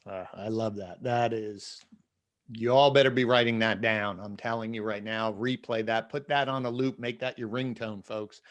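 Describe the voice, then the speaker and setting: A man's voice: on the low side, fairly even intonation, no echo. Enthusiastic male podcast host, dry sound. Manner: effusive, encouraging, halting restarts. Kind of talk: podcast interview.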